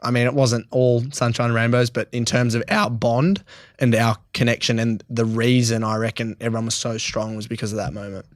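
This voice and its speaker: A man's voice: mid-range voice, steady tone, fairly quick, hardly any pauses, no room sound, studio quality. Australian young man telling a raw story. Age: 20s. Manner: blunt and emotional, swears freely, laughs often. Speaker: guest. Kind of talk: candid podcast interview.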